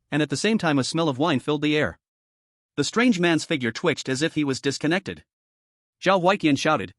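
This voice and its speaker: A man reading a horror story in a steady, even scripted narration. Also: a little high, no echo, studio quality.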